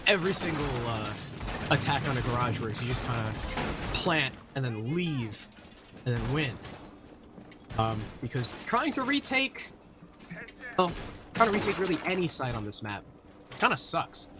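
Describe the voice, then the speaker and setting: A man's voice: medium pitch, sing-song, normal speed, pauses often. A man giving casual color commentary on an esports match, breaking down plays. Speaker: esports caster. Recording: noisy broadcast with game sounds.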